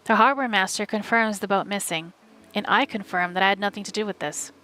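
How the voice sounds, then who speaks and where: A woman from the USA reads an audiobook aloud on a live stream in a steady, wry first-person voice. Her pitch sits in an ordinary mid range, and faint music plays underneath. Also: brisk.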